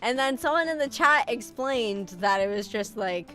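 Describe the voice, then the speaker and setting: A woman's voice: a little high, moderate pace, few pauses, soft background music. A woman streaming as a VTuber, chatting casually with her viewers, swearing freely and joking about herself. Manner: animated, swearing, self-mocking, reads chat aloud. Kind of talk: casual live-stream chat.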